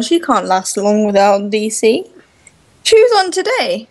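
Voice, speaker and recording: A woman co-hosting a casual gaming podcast, chatty and quick to jump in with comments. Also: mid-range voice, big pitch swings, no echo. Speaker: podcast co-host.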